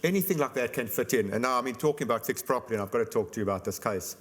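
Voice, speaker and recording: A man's voice: medium pitch, a bit bright. A man, an insurance expert explaining things on a conference panel in a chatty way. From South Africa. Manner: fast, explanatory, chatty with "you know" fillers. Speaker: insurance company expert guest.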